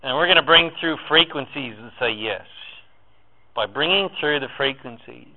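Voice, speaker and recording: A man guides a group through a spiritual talk, building phrase on phrase in an incantatory, repetitive rhythm that rises into emphatic swells. His voice sits at an ordinary middle pitch. The recording is thin and tinny, like a phone line. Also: lively intonation, normal speed. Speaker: spiritual workshop leader.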